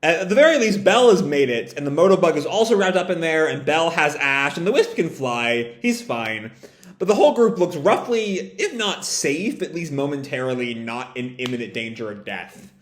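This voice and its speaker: Rambling man with a lively voice. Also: on the high side, normal speed. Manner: rambling, self-correcting, casual swearing. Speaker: comic reaction host. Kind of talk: casual live reading and commentary. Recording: echoey room.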